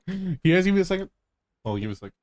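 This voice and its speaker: A man's voice: high voice, big pitch swings, a little fast, darkish tone, no room sound. A man streaming a game live, chatting casually to viewers with plenty of swearing, teasing and laughter. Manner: profane, teasing, laughs often. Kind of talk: casual live gameplay commentary.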